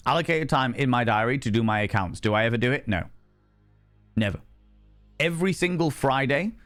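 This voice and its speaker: With a mid-range voice, this man livestreams and chats loosely with viewers. He's theatrical and joking, swearing freely and alternating between shouting and quiet asides.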